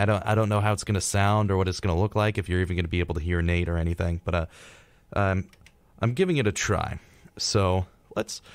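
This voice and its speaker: A man's voice: fairly low pitch, no room sound. A young man co-hosting a college radio show in casual chat, laughing and stumbling over his words, on a studio microphone.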